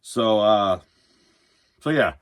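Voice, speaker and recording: A man vlogging about metal while drunk and high, rambling loosely and swearing as he talks. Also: lively intonation, drawn-out words. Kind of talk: rambling casual vlog.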